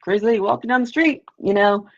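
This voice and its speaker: Speaking quickly in a mid-range voice, another livestream host rambles through a story, her speech full of "like" and "you know" plus a swear here and there. The audio is lo-fi livestream quality.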